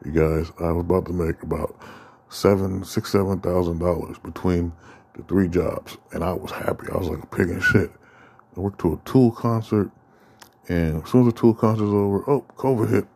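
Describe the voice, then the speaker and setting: A man's voice: low-pitched, fairly even intonation, moderate pace, a little mellow, slightly rough. A man hosting a podcast, ranting casually and profanely in a rambling way. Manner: profane, rambling, acts out quoted exchanges. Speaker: podcast host.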